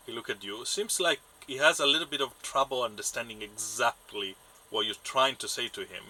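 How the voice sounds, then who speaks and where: A man running a tabletop game as game master, narrating what happens in a halting, stop-start way. His voice is very bright and tense. He restarts his phrases often. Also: medium pitch, poor audio.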